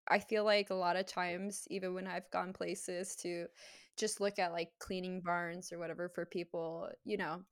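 A woman's voice: fairly low pitch, level tone, normal speed. A woman hosts a podcast in a casual, chatty way. She jumps in with her own stories and laughs easily as she talks. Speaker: podcast host. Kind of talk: casual interview chat.

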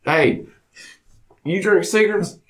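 A man voicing his rowdy, drunk middle-aged dad, hollering in a loud drawl and calling everyone boy. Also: sits high, slow pace, pitched above the performer's own voice.

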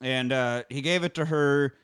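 A man's voice: medium pitch, normal speed, fairly bright tone, smooth, no room sound, studio quality. A man casually retelling an action movie on a podcast, swearing freely and acting out the characters' lines. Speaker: podcast co-host recapping a movie. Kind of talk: casual profane chat.

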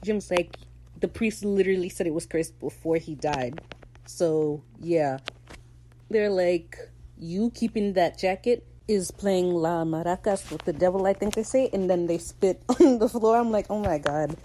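A woman hosting a podcast, chatting casually in a slangy, animated way and acting out characters' lines as she recaps a show. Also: lowish voice, measured pace, a little hiss or hum. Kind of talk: casual chat.

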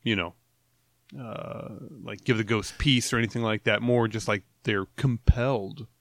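A podcast co-host with a lowish, slightly bright male voice chats casually at a normal speed and a fairly even intonation, tossing in wry, teasing asides. The recording is clean studio sound with no room echo.

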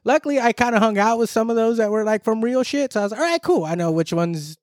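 A man in his twenties in casual chat, slangy and animated, acting out quoted lines and laughing often. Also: high voice, fast, no room sound, studio quality. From San Diego area.

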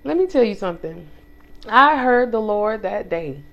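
On a relaxed faith podcast, a young female co-host animatedly recounts a personal story, addressing listeners straight on and voicing other people's quoted lines. Her mid-range voice keeps a moderate pace, though the recording sounds muffled.

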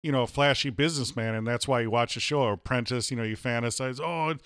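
A man co-hosting a casual podcast, relaxed and jokey. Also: mid-range voice, quick pace, clear, resonant tone, no echo, studio quality. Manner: relaxed, jokey, slips into silly voices. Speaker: podcast co-host. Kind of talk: casual chat.

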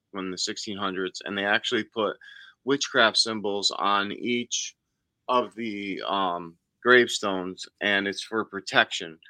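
Eager man with a bright, lowish voice. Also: no echo. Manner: eager, excitable storytelling. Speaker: guest paranormal investigator. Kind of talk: casual chat.

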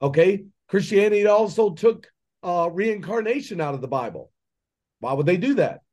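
A man's voice: high-pitched, expressive, normal speed, a little mellow. A man, a podcast guest, lays out his beliefs in an impassioned monologue, firing off rhetorical questions. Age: adult with children. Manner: preachy, fires rhetorical questions. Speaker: podcast guest, entrepreneur and mentor.

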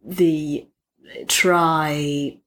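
A woman's voice: low-pitched, fairly even intonation, extremely slow, fairly bright tone. A woman co-hosting a comedy podcast, playful and self-mocking as she rambles through improvised chat. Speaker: podcast co-host.

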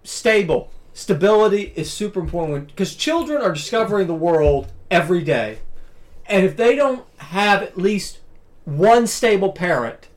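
A man's voice: high voice, very animated, normal speed. A man co-hosting a podcast in casual chat, thoughtfully weighing his points. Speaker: podcast co-host.

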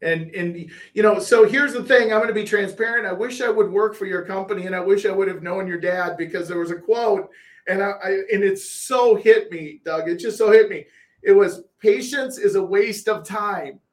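A man's voice: sits high, normal speed, reverberant. An enthusiastic male podcast host who gushes and stumbles over repeated words. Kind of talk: podcast interviewing.

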